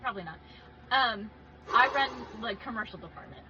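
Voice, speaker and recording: A woman in casual chat on a podcast, telling animated stories and laughing often. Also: a little high, a little fast. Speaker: podcast guest. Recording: dull lo-fi sound with clear background noise.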